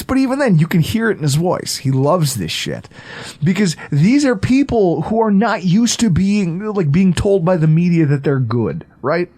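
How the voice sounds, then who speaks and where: Excitable man hosting a football podcast. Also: high-pitched. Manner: excitable, swearing, laughs a lot. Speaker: podcast host. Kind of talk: casual sports podcast chat.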